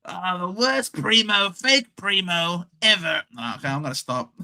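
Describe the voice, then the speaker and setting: A man's voice: high voice, measured pace, sharp tone. A young Australian man hosting a casual live sports watchalong, bantering cheekily with chat and reading out scores. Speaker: livestream host.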